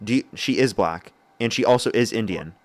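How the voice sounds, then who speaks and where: A man's voice: on the low side, a little fast. A man hosting a heated live debate, insistent and interrupting, repeating his demands. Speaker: host.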